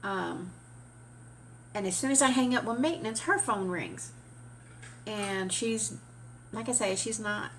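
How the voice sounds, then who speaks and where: A woman vlogger telling a story in an animated, chatty way, with casual swearing. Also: mid-range voice, unhurried, long pauses, slight background noise.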